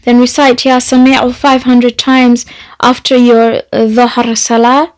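A woman Quran teacher giving a measured, reflective religious talk with a retold story. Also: on the high side, completely flat delivery, rough recording.

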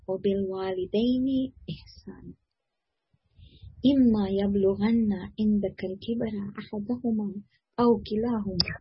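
A middle-aged woman giving a Quran commentary lecture, reciting verses quickly and then explaining them slowly in English. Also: fairly high pitch, gravelly, slightly rough, highs cut off. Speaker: religious teacher.

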